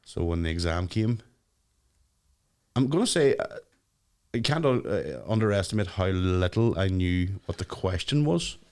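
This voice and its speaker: A man's voice: low voice, sing-song, moderate pace, a little mellow, clear, resonant tone. A young man co-hosting a podcast, joking, swearing and reading out listener questions. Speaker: podcast co-host. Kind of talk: casual chat.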